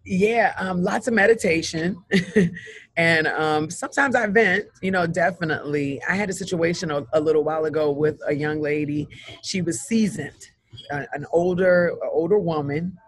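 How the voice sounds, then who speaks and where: A man's voice: on the high side, normal speed, fairly bright tone, breathy edge, no echo. A man, a business coach, telling an earnest, heartfelt story in a casual interview. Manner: earnest, heartfelt, rambling with restarts.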